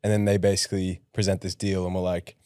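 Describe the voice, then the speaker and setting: A young man talking casually as a podcast guest, relaxed and often restarting his sentences. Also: low voice, fast, clean tone, no room sound, clean studio sound. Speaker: guest musician.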